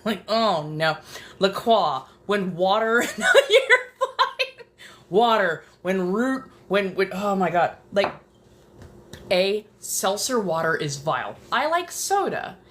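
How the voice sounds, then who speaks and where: A woman's voice: mid-range voice, lively intonation, takes it slowly, fairly bright tone. A woman streamer chatting casually, swearing and getting dramatic, sometimes dropping into whispers. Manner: profane, dramatic, drifts into whispers. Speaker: ASMR streamer. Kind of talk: casual chat. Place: apartment.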